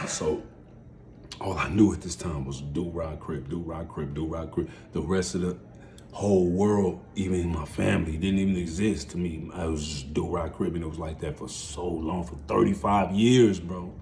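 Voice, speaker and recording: A man in his forties telling his life story in a casual, rambling way, heavy on street slang, dropping to mumbles and then jumping up loud and excited. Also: sits low, normal speed, slight background noise. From United States.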